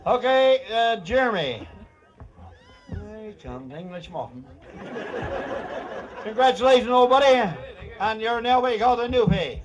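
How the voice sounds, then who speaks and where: This screech-in master of ceremonies, a Newfoundlander, has an extremely high, expressive voice and an unhurried delivery with many pauses, plus a little hiss or hum. His hosting is full of teasing folk banter and frequent laughter.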